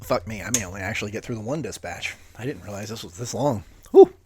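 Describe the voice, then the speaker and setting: A man's voice: on the low side, fast, breathy edge. A man reading a story aloud with a casual, profane, self-deprecating manner and offhand asides. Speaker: reader of stories.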